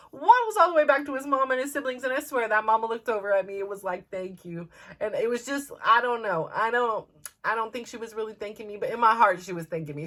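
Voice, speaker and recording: A middle-aged woman, telling a story casually and acting out voices as a podcast host. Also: fairly high pitch. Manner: animated, acts out voices, many fillers.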